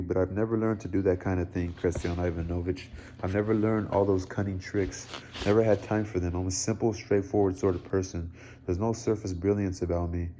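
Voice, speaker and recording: Timid fumbling clerk, low flat voice, stumbles over his words, a man reading. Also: slight background noise, lightly acted. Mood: earnest. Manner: halting, repeats himself. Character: timid fumbling middle-aged male clerk.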